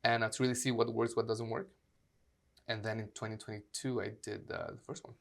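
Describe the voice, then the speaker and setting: A man's voice: on the low side, flat delivery, fast, creaky. A man, an actor and acting coach, chatting as an interview guest, acting out quoted dialogue with lots of fillers. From Canada. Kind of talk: casual interview storytelling.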